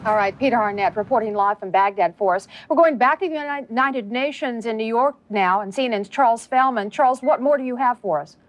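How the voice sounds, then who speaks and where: A female news anchor handing off to correspondents in a crisp, brisk manner. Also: fairly high pitch, rough recording.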